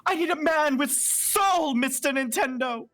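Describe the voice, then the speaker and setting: A man putting on a high, soap-opera voice as a company personified as a jilted lover. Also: unhurried, a bit bright, faint music behind. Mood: melodramatic. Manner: melodramatic soap-opera pleading.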